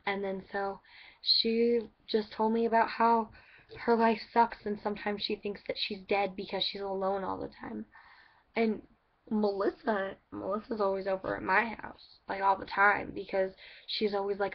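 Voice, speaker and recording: A woman chats straight to her camera in a casual vlog, her story wandering through fillers and restarts. Her voice sits at a middle pitch and stays fairly flat. The recording sounds dull and lo-fi. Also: normal speed. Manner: rambling, full of "like" and restarts. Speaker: vlogger.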